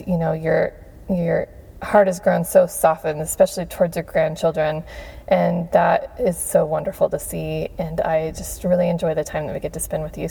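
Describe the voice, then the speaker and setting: Gravelly low woman, gushing podcast host. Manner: warm, gushing, with many pauses and fillers. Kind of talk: heartfelt Father's Day shout-outs.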